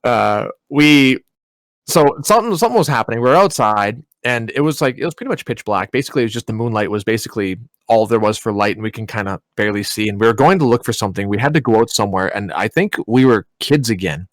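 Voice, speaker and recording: A young man, a podcast co-host, telling a story in a casual, animated way, swearing and laughing as he goes. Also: on the low side, quick pace, no echo.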